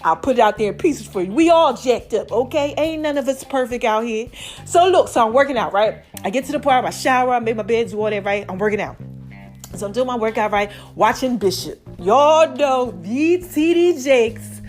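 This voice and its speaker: A middle-aged woman hosting her own podcast, talking to listeners in an animated, chatty way. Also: fairly high pitch, moderate pace, soft background music. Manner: animated, chatty, calls listeners y'all and baby. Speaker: podcast host. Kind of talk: casual podcast monologue.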